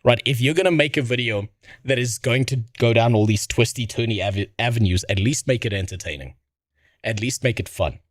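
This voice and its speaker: A man's voice: medium pitch, brisk, no echo. Sarcastic, foul-mouthed streamer guy, dry mic. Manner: profane, rambling, sarcastic. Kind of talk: casual reaction stream commentary.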